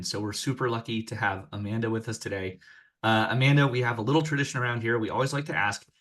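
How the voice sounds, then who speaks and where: A man's voice: fairly low pitch, a bit bright. A man hosting a podcast, introducing his guest and asking questions in an upbeat conversational way. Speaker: podcast host. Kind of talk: podcast interview.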